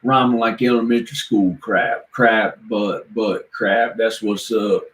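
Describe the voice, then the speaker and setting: A man's voice: fairly low pitch, fairly even intonation, a bit bright. A man vlogging on a live stream, rambling in casual chat and chuckling at his own silly rhymes. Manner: rambling, laughs at own silly rhymes, slow sing-song chanting. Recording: roomy echo, faint background noise.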